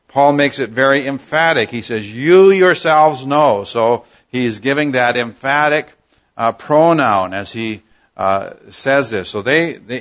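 A man teaching a Bible passage verse by verse, unhurried and thoughtful, pausing often with "uh". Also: mid-range voice, a bit bright, muffled recording. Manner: unhurried, thoughtful, with frequent "uh" pauses.

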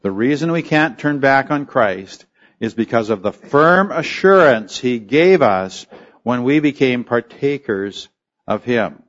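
A man preaching an expository sermon, emphatic and deliberate, often asking rhetorical questions as he teaches. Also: mid-range voice, lively intonation, a bit bright, lo-fi sound. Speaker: pastor.

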